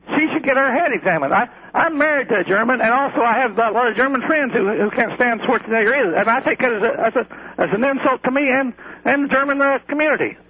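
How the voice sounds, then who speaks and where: A man calling into a radio show, indignant and halting, with many restarts. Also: extremely high pitch, expressive, breathy edge. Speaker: caller. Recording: muffled phone line with faint noise.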